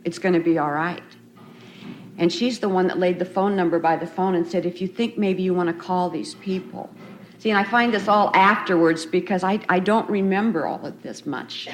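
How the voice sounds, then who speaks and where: A middle-aged woman with a lowish voice speaks briskly about her recovery at a retreat, keeping it loose and conversational and laughing frequently. The recording is a faint, noisy tape from the 1990s.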